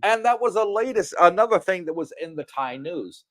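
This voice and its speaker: A man's voice: high-pitched, expressive, a little fast. A man hosting a casual livestream from his home, greeting viewers by name and chatting about news. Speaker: livestream host. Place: home in Thailand.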